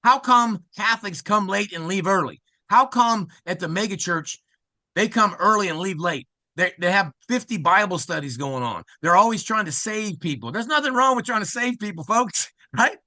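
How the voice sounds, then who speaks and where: A middle-aged man from Ohio, excitedly telling his conversion story as an interview guest and acting out the quoted speech of others. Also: high-pitched, dry recording. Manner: excited, acts out quoted speech, fast asides.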